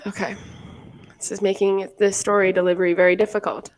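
A woman's voice: medium pitch, level tone, fairly quick. A woman in her twenties co-hosting a podcast, telling a long story in a rambling, casual way full of fillers. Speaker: podcast co-host. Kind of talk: casual chat.

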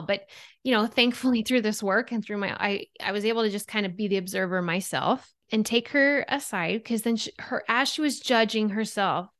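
Animated woman guest, dry close sound. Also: medium pitch, normal speed, dry recording. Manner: animated storyteller, voices her own and others' thoughts. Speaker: podcast guest, anxiety coach. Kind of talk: conversational interview.

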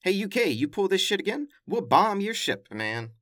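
A swaggering, dismissive figure of Russia, talking in a pitched-up, offhand tough-guy drawl, as a man puts him on. The delivery is dry and close, with no room around it. He shrugs things off and slips in slang. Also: big pitch swings, normal speed, fairly bright tone, dry recording. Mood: threatening.

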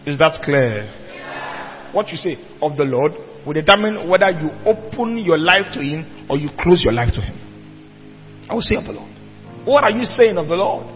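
A man's voice: fairly high pitch, big pitch swings, moderate pace, faint music behind. A man preaching a sermon, emphatic and asking the congregation rhetorical questions. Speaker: pastor. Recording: dull lo-fi church hall recording with long reverb.

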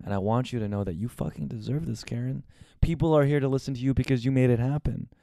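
A young man hosting a podcast speaks in a candid, confessional way, dropping curse words freely. His voice sits at an ordinary middle pitch. The sound is dry and close, with no room echo. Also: quick pace, gravelly, warm tone. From United States. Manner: candid and confessional, swears often. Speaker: podcast host. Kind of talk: casual podcast monologue.

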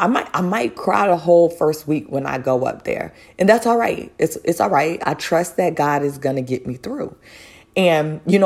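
A woman's voice: low-pitched, a little mellow. A woman telling a personal faith testimony, earnest and conversational, speaking directly to listeners.

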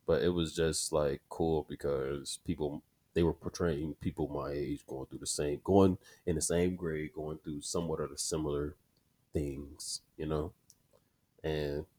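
Deep-voiced young man ranting casually. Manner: slangy, profane storytelling, gets loud and high when worked up. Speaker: podcast host. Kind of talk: casual solo podcast rant.

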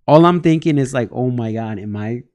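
A man's voice: medium pitch, lively intonation, fairly quick, a little mellow. A young man from El Salvador, a podcast co-host, telling a story in casual chat, acting out quotes and laughing often.

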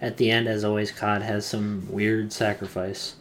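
A man's voice: lowish voice, little pitch movement, normal speed, a bit bright. A man co-hosting a casual chat, recapping rambly with lots of fillers. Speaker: podcast co-host.

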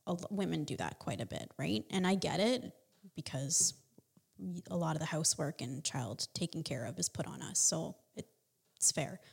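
A woman's voice: sits low, expressive, moderate pace, gravelly, breathy edge. A woman in her forties chatting earnestly with her husband about relationships, giving advice and laughing easily. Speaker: co-host. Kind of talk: casual chat.

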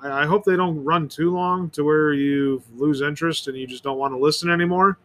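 A man's voice: on the high side, steady tone, a little fast. A man rambling through an opinionated solo monologue as host of his own show, often restarting and repeating words. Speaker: podcast host.

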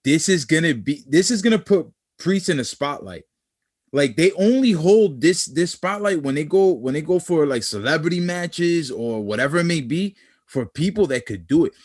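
A man's voice: on the high side, animated, moderate pace, darkish tone, husky. A man in casual podcast chat about wrestling, talking conversationally with frequent "you know what I'm saying" asides.

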